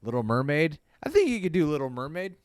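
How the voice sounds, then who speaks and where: A man's voice: fairly high pitch, very animated, fast. A man co-hosting a casual livestream chat, who laughs a lot and swears freely. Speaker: co-host.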